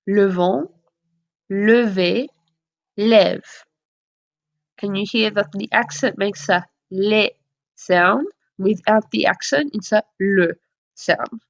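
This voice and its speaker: A woman's voice: mid-range voice, gravelly. A woman teaching a lesson over slides, explaining patiently and modelling example phrases. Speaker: French teacher. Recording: dull lo-fi audio.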